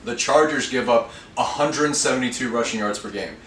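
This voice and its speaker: A man's voice: medium pitch, normal speed, a bit bright. A man co-hosting a sports betting podcast in casual chat, walking through stats to back up his picks. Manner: lays out stats and reasons plainly. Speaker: podcast co-host. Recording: echoey room, distant mic, faint hiss.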